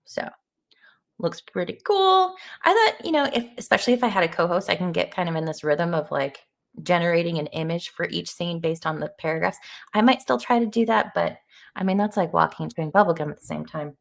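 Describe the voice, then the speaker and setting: A woman's voice: lowish voice, quick pace, vocal fry. A woman hosting a casual live stream of an AI text adventure, chatting loosely with lots of fillers and greeting viewers.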